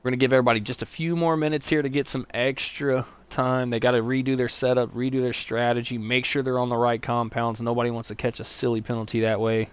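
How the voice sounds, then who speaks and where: A man with a Texan accent calling a sim racing league live, chatty between races and excitable play-by-play once the lights go out. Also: mid-range voice, fast, hardly any pauses, smooth. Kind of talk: live esports race commentary.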